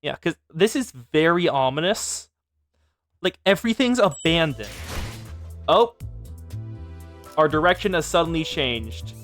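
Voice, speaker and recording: A man's voice: a little high, animated, unhurried, long pauses, fairly bright tone, soft background music. A man from California streaming a video game, reading its dialogue aloud and chatting playfully, fond of doing funny voices.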